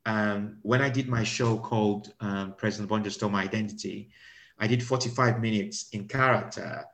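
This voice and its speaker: A man, a comedian, talking about his stage character in a relaxed interview, often restarting his sentences. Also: on the low side, gravelly, slight background noise. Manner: halting, repeats words, laughs often. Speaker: comedian guest. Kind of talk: conversational interview.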